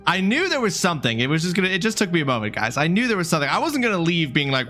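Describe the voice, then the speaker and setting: A man's voice: a little high, very animated, racing, pushed and bright, faint music behind. Chatty man streaming a game. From Canada. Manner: chatty, talks straight to chat, apologetic, swears casually. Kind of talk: live let's-play commentary.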